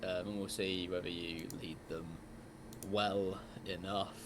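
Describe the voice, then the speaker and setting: A man's voice: low voice, level tone, unhurried, a little hiss or hum. A man narrating as game master, hesitant and full of ums.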